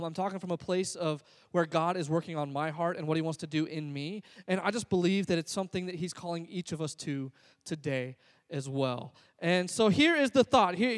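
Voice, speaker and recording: A man's voice: high-pitched, big-room sound. A man preaching a sermon in an earnest, conversational, self-deprecating way. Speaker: pastor.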